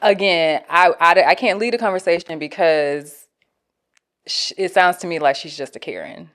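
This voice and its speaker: Woman, co-host, casual talk, earnest, lowish voice, steers the conversation. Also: normal speed, a bit bright.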